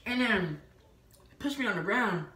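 A woman's voice: mid-range voice, animated, normal speed, bright, forceful tone. A woman vlogger telling a personal story in a casual, emphatic way, with many filler "like"s. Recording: echoey room, mic at a distance.

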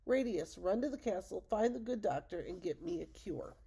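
A woman's voice: mid-range voice, lively intonation, moderate pace, gravelly, mellow, slight background noise. A woman voicing a wailing, pained knight father in a read-aloud storybook.

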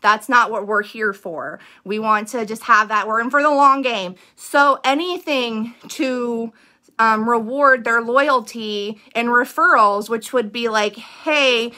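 A young woman offers casual business tips to the camera, chatty, upbeat and eager, and her speech is full of "um" and "like." Her voice is a little high, pushed and bright, and she keeps a measured pace.

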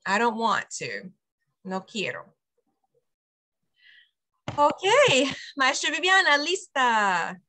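Bright-voiced woman teaching Spanish. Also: high-pitched, huge pitch swings. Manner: explains patiently, models words slowly, laughs often. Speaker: preschool director teaching Spanish. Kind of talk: online Spanish lesson for parents. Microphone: video call.

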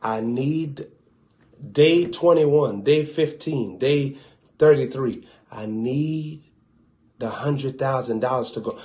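Preaching slowly in a Southern US accent, a man alternates between booming exhortations and quiet, low-voiced asides, now and then acting out small dialogues.

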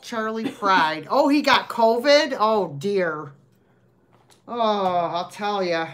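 Slow, chatty woman with a lively voice. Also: medium pitch, soft background music. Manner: chatty, rambling, many fillers. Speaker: live sale host. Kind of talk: live-stream sales chat.

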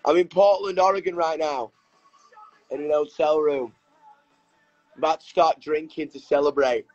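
A young British man talking excitedly into his phone from a hotel room, swearing freely and bouncing between topics. His voice sits a little high for a man. Faint music plays behind him. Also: moderate pace, lo-fi sound. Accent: British English. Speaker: musician hosting a livestream. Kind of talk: casual livestream chat.

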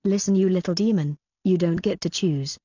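A woman's voice: lowish voice, moderate pace, mellow, slightly rough, dry recording, dull audio. A woman reading the part of a cold, cruel middle-aged duke who talks harshly and threateningly to his daughter.

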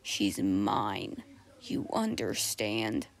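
Girl doing a clingy jealous guy, real slow, kinda husky, fan roleplay. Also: high voice, heavily acted. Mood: possessive. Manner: pleading, then menacing and possessive. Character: clingy possessive jealous young man. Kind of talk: fan audio role-play.

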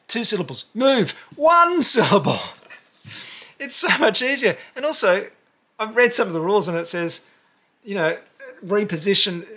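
A man hosting a casual unboxing video, talking in an animated way with exaggerated cheers and bursts of mock outrage. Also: high-pitched, breathy edge. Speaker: host.

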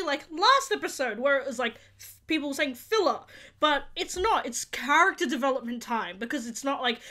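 A young woman hosting a casual review, rambling with lots of fillers and breaking into excited squeals. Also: high voice. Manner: gushing, rambling, full of fillers; bursts into squeals and laughs. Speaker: YouTube reaction host.

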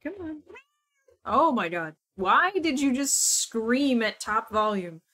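Woman streamer, high lively voice, very slow unhurried talk, laughs a lot, faint music behind. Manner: laughs often, coaxes her cat. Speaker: streamer playing a video game. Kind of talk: casual live-stream chat.

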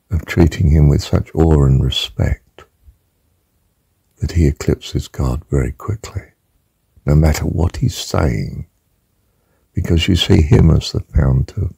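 An older man speaks in a very deep, gravelly voice, unhurried and emphatic as he teaches on spiritual matters. He often sinks into a hushed, husky whisper. The sound is close and dry. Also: no echo. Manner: emphatic, slow and deliberate, drops to a hushed whisper. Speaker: religious teacher. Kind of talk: spiritual talk.

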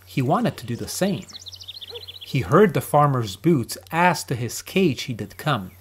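A man reads a rhyming children's story aloud, his voice bouncing up and down in a sing-song way. The recording carries a faint hiss of background noise. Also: a little high.

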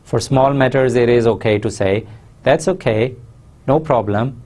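A man with a Pakistani accent giving a recorded university lecture, measured and explanatory, stressing key words. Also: mid-range voice, darkish tone.

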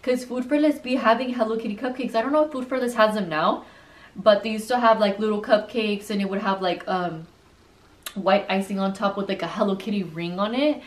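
A woman's voice: medium pitch, fairly quick, echoey room. A young woman vlogger chatting casually through a haul video, bubbly and slangy, swearing freely.

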